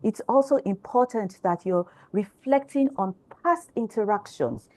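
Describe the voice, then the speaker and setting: Mellow-voiced woman panelist giving advice. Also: mid-range voice, expressive, a little slow, no room sound. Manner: reflective, advising. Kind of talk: panel talk.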